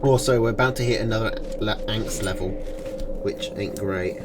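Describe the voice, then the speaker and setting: A man's voice: lowish voice, normal speed, very noisy. Man with dry, wry game commentary. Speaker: streamer.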